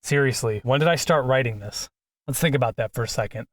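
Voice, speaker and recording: A man's voice: medium pitch, quick pace. A man in his twenties reading a scripted game critique who keeps stumbling over words and swearing in frustration. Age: 20s. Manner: swears often, frustrated at his own misreads. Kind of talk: scripted critique narration with outtakes.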